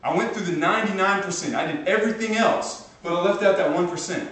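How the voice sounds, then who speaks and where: This man's voice sits high with a fairly bright tone, and he talks fast. He's a motivational speaker before a live group in a large room, telling stories and rising to rousing exhortation. The far camcorder recording is echoey and has a little hiss or hum.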